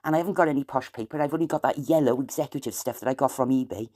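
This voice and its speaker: Low-voiced South Welsh woman rambling. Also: racing, warm tone. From South Wales. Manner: chatty, wandering, aggrieved asides. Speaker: vlogger. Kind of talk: rambling late-night chat to camera.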